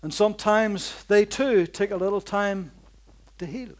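A preacher with a notably high voice delivers his sermon in bold, dynamic waves. He rises to loud outbursts, then sinks into slow, near-hushed lines. Repeated phrases land with a steady rhythmic insistence. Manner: repetitive, rhythmic emphasis.

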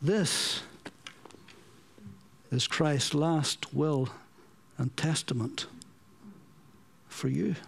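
A man's voice: on the high side, very slow, creaky, long pauses, slightly rough. A man preaching a sermon, earnest and pleading, repeating points for emphasis and telling anecdotes.

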